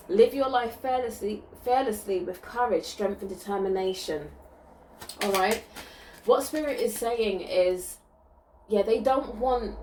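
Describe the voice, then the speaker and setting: A woman's voice: medium pitch, darkish tone. A woman giving a spiritual card reading in a soothing tone, often checking in with listeners by asking "okay?". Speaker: spiritual reader. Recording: roomy, distant mic, faint background hum.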